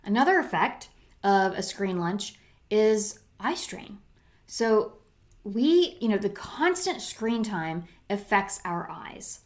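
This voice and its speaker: A woman's voice: mid-range voice, very animated, takes it slowly. A middle-aged woman hosting a solo podcast, talking in a chatty way with lots of fillers and restarts. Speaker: podcast host.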